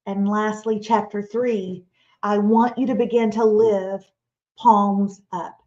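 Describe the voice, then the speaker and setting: A woman, giving a lively, playful motivational Christian talk as a webinar speaker. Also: mid-range voice, slow pace. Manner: animated, playful, acts out imagined listeners and quotes. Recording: slightly dull, lo-fi webinar audio.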